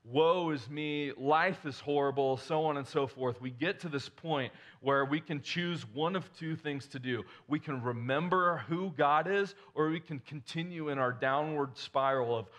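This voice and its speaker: A man's voice: fairly high pitch, moderate pace, few pauses, fairly bright tone. A male pastor preaching a conversational sermon, asking the congregation rhetorical questions and restarting his sentences as he goes.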